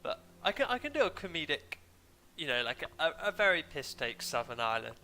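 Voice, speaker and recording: A man's voice: fairly high pitch, big pitch swings, a little fast, sharp tone, a little hiss or hum. A young man chatting casually while streaming a game, in a rambling, droning way and sniffling from hay fever. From England. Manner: rambling, chatty, self-deprecating. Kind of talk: casual gaming stream commentary. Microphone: desk mic, muted now and then.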